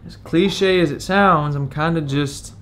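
A man's voice: a little high, a little slow, fairly bright tone, a little hiss or hum. A young man in his twenties opening up in a confessional vlog, candid and reflective, talking as if close to tears. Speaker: vlogger.

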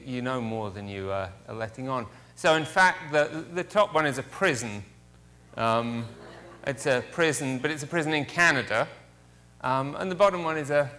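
Guy lecturing on a stage, halting, full of ums, pokes fun at himself. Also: medium pitch, sharp tone. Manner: self-deprecating, halting with many fillers. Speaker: guest speaker. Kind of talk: public lecture. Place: theater stage.

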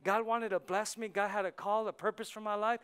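A male pastor preaching a sermon in a church service, swinging between hushed and loud. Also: high voice, level tone, a little fast, clear, resonant tone.

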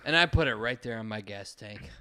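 A man co-hosting a casual podcast, telling loud, animated stories and acting out his friends' lines. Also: lowish voice, brisk, a crowd in the background. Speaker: podcast co-host. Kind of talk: casual storytelling chat.

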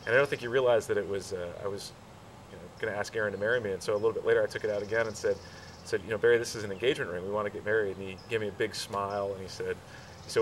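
A man with a low voice tells his story at an unhurried, halting pace, stopping often with fillers and restarts. He sits some way from the mic, and faint outdoor hiss with crickets runs behind him. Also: steady tone, far from the mic, poor audio. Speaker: groom telling proposal story. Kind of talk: casual storytelling.

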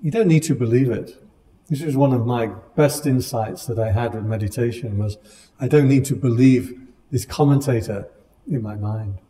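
A man giving a dharma talk to a meditation class, speaking in a calm, conversational way with gentle humor. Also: mid-range voice, moderate pace. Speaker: meditation teacher. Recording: long hall reverb.

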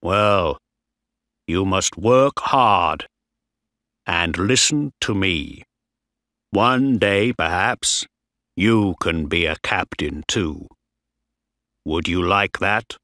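A man voicing a strict, stern ship's captain who barks orders at his crew in a slow, dry storybook reading. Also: deep voice, sharp tone, no room sound, exaggerated voice. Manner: barking orders.

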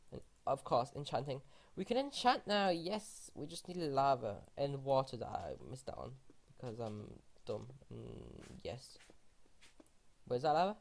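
A woman casually commenting on her own game play, excitable, often gasping and exclaiming in disbelief. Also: extremely low pitch. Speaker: gaming channel host.

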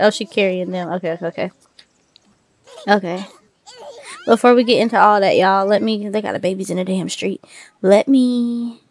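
Excitable woman chatting over a game. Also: medium pitch. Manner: excitable, chatty, addresses viewers as y'all. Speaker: gaming video host. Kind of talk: casual let's-play commentary.

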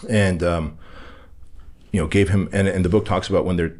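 A man's voice: deep voice, fairly even intonation, normal speed, darkish tone. A man from Armenia, a podcast guest, candidly tells a personal story and acts out the quoted dialogue with emphasis.

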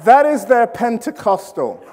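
Man from britain, preacher, comic sermon, high voice, long hall reverb. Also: very animated, unhurried. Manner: comic storytelling, mimics congregations with shouts.

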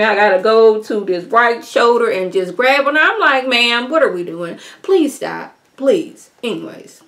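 A woman's voice: fairly high pitch, a bit bright. A woman YouTuber giving a casual, sassy review of a reality TV episode, talking straight to her viewers and sounding exasperated.

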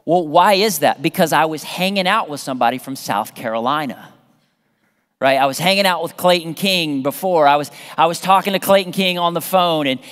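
A man's voice: a little high, clean tone. Man preaching in a ringing church hall. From Southern United States. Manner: animated, conversational preaching with repeated phrases and restarts. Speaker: pastor. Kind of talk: sermon. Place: church sanctuary. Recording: long reverb of a church hall.

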